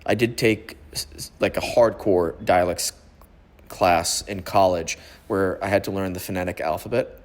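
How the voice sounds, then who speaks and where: A man from Oklahoma with a lowish voice, talking as a podcast guest. He explains things at length in a casual way and slips in dry one-liners. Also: steady tone, moderate pace. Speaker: guest actor.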